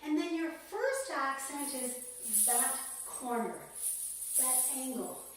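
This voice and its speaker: Slow-talking woman teaching dance, echoey. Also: high-pitched, faint music behind. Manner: calm, counts out beats while demonstrating. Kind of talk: instructional dance lesson. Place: dance studio. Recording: echoey room, mic far off, faint noise.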